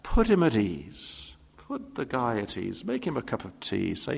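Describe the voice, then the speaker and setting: A man's voice: medium pitch, huge pitch swings, moderate pace, gravelly, a little mellow, slightly rough. A man preaching a sermon, telling stories with playful asides and acting out quoted voices. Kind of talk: expository sermon. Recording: long reverb of a church hall.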